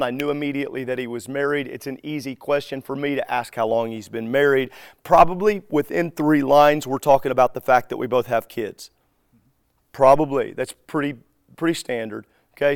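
A man teaching a live group in a relaxed, conversational way. He acts out bits of everyday dialogue as he tells his stories. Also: mid-range voice, clean tone, no echo, studio quality. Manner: animated storyteller who acts out dialogue.

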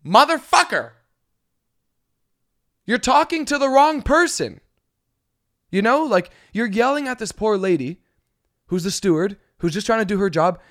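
A man telling a story in a casual vlog, animated and swearing, with many fillers. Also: high voice, no room sound, clean studio sound.

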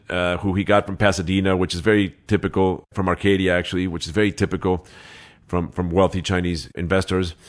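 A man who is a real estate agent, telling anecdotes in an interview, lively and laughing, quoting people as he goes. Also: sits low. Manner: animated anecdotes with laughs and quoted dialogue. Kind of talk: interview storytelling.

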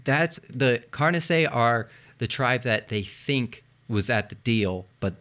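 A man's voice: medium pitch, expressive, slow pace. Man casually telling history, joking. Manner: joking, swears, spells words out loud. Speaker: podcast host telling history. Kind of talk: casual history podcast chat.

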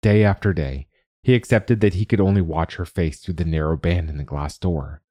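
A man narrating a science fiction short story in a calm, measured storytelling manner. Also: low-pitched, no room sound, studio quality. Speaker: narrator and podcast host.

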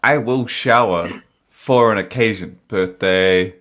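Man, co-host, animated storyteller, swears freely, slightly low voice. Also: slow. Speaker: podcast co-host. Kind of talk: casual storytelling among friends.

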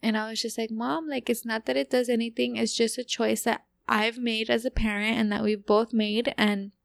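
A woman's voice: a little high, level tone, normal speed, gravelly. A young woman casually telling a personal story, chatty and full of fillers, acting out what people said. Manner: chatty, full of "like" fillers, acts out quoted lines.

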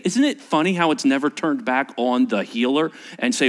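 A man preaching as pastor at a church service. His delivery is animated, swinging between emphatic points and hushed, whispered asides. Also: mid-range voice, normal speed. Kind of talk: sermon.

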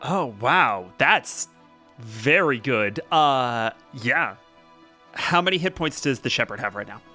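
A man's voice: mid-range voice, animated, takes it slowly, pushed and bright, faint music behind. A man narrating a tabletop role-playing game as game master, casual and improvising with lots of fillers.

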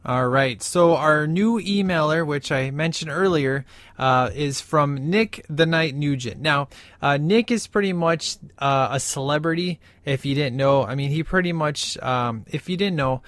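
A man's voice: a little high, unhurried, a bit bright, no echo. A man hosting a casual podcast, talking with lots of fillers and reading a listener's email aloud. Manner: enthusiastic, rambling with many fillers. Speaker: podcast host.

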